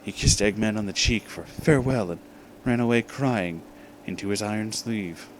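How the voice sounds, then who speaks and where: A man narrating a comedic fan story aloud in a mock-dramatic, deadpan way. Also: lowish voice, moderate pace, slight background noise. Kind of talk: comedic fan-fiction reading.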